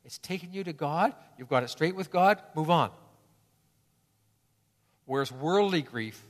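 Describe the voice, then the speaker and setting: A man's voice: fairly high pitch, expressive, a little slow, long reverb tail. A male pastor preaching a sermon in an earnest, conversational way, often restarting phrases.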